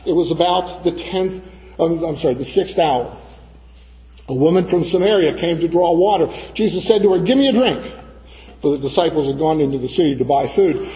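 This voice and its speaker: Storytelling preacher, a man with a high-pitched voice. Dull recording in a reverberant church. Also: fairly quick, warm tone. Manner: storytelling, acting out the voices of others. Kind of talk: sermon with a personal story.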